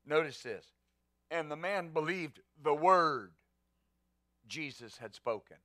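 A man preaches a sermon in a notably high and bright voice, pressing each point with rhetorical questions. The sound is close and dry, with no room around it. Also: expressive, unhurried, no room sound. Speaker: pastor.

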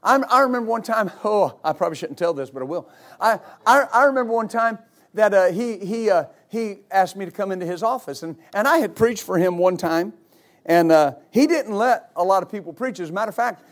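High-voiced male pastor preaching. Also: lively intonation, fairly quick. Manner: storytelling with loud exclamations and laughter. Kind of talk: sermon.

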